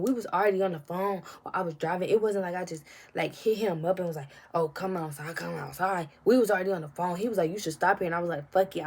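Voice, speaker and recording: A young woman, telling a story in a casual vlog, animated and swearing often as she acts out the quotes. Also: fairly low pitch, slightly rough. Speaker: storytime vlogger.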